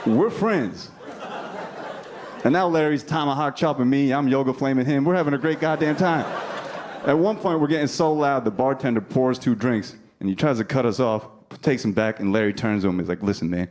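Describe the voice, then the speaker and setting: A man's voice: mid-range voice, normal speed, background noise. A man doing a stand-up comedy set, telling a story in a brash, punchy way on a club stage with a handheld mic.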